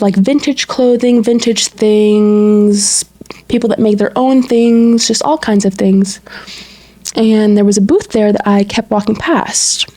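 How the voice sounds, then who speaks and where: A woman co-hosting a podcast, casually telling a story and acting out quoted dialogue, full of "like" fillers. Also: medium pitch. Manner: animated retelling with quoted dialogue and frequent "like". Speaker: podcast co-host.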